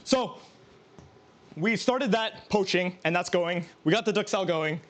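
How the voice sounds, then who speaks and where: Unhurried and high-voiced, a man cooks on a live stream while chatting. His talk wanders, full of self-deprecating humor and frequent laughter.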